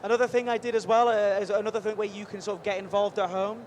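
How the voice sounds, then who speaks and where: High-voiced, energetic male livestream host. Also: quick pace. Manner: energetic, chatty, rambling with restarts. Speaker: livestream host at a game convention booth. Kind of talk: upbeat live event hosting. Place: busy convention show floor. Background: faint crowd noise.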